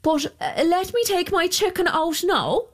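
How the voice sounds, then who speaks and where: A woman voicing a curious, sharp-tongued country housewife, eager and brisk. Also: very high voice, very animated, voice pushed up, exaggerated voice.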